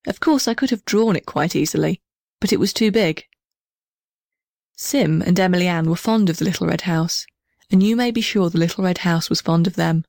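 Woman storyteller, gentle children's-book reading, dry close sound. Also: on the low side, normal speed, gravelly, no echo.

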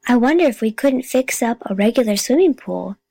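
A woman's voice: on the high side, expressive, a little fast, creaky, darkish tone. A woman reading the lines of a hardworking teenage boy in a storybook reading. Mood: earnest.

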